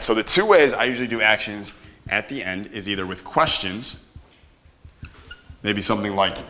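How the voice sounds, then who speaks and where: A young man running a live marketing workshop, energetic, quizzing the audience and swearing casually. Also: on the low side.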